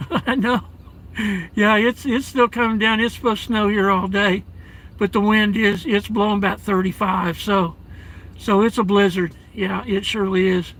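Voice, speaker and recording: A man live streaming from his vehicle in a snowstorm, reading chat aloud and calling viewers darling and brother, with halting restarts. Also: high voice, flat delivery, a bit bright, rough recording. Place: inside a parked vehicle at home during a blizzard.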